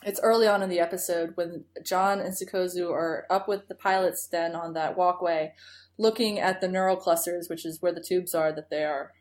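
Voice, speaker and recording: A woman's voice: on the low side, steady tone, normal speed, darkish tone. A woman co-hosts a podcast and recaps an episode in casual chat. She is enthusiastic and chatty and laughs often. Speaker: podcast co-host.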